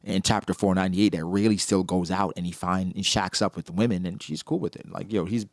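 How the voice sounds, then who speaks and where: A man hosting a manga reaction show in casual commentary, talking in an animated, slangy way. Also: fairly quick, no echo, clean studio sound. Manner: animated, slangy, jumps into high-pitched character impressions.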